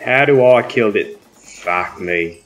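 A man playing a co-op racing game with a friend, chatting casually, excitable and swearing freely with loud outbursts. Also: lowish voice, takes it slowly, soft background music. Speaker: game player. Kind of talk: casual let's-play chat.

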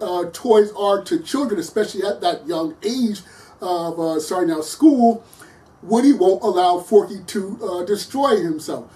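A movie reviewer talking through a film in a casual, earnest way, often laughing mid-sentence and pausing on fillers while thinking aloud. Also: medium pitch, dark tone, far from the mic, rough recording. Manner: chatty and earnest, laughs often between words.

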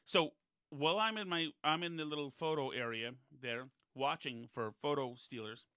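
A man's voice: a little high, normal speed, sharp tone, dry recording, clean studio sound. A man in casual podcast chat, telling digressive, chatty anecdotes.

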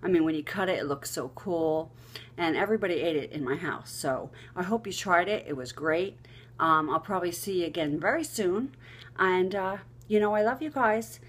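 A middle-aged woman vlogger casually telling a funny story, animated and swearing, giggling often. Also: fairly low pitch, moderate pace, breathy edge.

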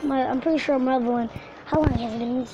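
High voiced woman doing rambly jokey gameplay commentary, lots of ums, kinda muffled lo-fi audio. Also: steady tone, fast, noisy background. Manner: rambling, filler-heavy, jokey and crude. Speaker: gaming channel host. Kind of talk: let's-play commentary. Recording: dull lo-fi recording with faint music.

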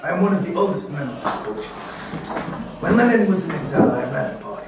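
A man's voice: fairly high pitch, very animated, quick pace, distant mic. A young male student playing a veteran male Bolshevik proud of his seniority, in a classroom role-play. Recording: echoey noisy classroom from afar.

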